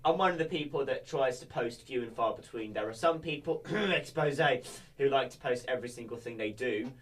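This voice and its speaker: Animated young man in a podcast chat. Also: mid-range voice, brisk. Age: young adult. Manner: animated, jokey, amps up his energy. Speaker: podcast guest.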